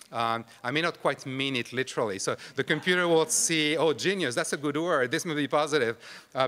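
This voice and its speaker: A man's voice: mid-range voice, pushed and bright, clean tone. A man giving a conference presentation on a microphone in a large lecture room, hesitant and full of fillers and restarts. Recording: long hall reverb.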